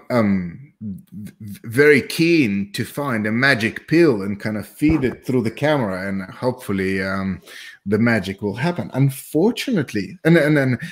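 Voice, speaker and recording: Hesitant, thoughtful male psychologist. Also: on the low side. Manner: thoughtful, self-interrupting, laughs at his own jokes. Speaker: psychologist guest. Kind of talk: explanatory conversational talk.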